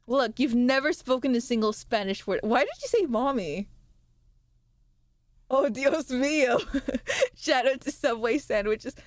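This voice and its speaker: Woman streamer, young adult, higher voice with lots of swing, dry close sound, teasing banter with chat. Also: expressive, normal speed, no room sound. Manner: banters with chat, reads messages aloud, laughs often, swears. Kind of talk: casual live-stream chat with viewers.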